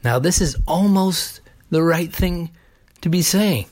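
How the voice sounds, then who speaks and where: A man preaching a sermon deliberately, building emphasis through repeated phrases. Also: on the high side, darkish tone. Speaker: pastor.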